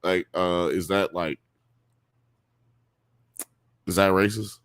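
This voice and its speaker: A man's voice: low-pitched, steady tone, slow, clear, resonant tone, dry recording. A man hosting a live podcast, reading chat comments aloud in a rambling, profane way and laughing often. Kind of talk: casual live-stream chat.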